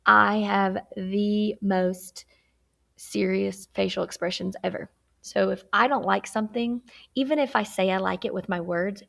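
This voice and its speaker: Gravelly-voiced woman teaching a lesson. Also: mid-range voice. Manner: chatty, keeps checking in with "okay?"; acts out tone examples. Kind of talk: recorded workplace skills lesson.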